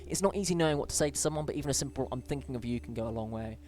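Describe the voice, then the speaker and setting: A British player in a relaxed let's play reads in-game emails and letters aloud, rapid-fire, stopping for chatty asides while faint music plays behind. His middle-pitched voice jumps up now and then on greetings, and the reading has small stumbles and restarts.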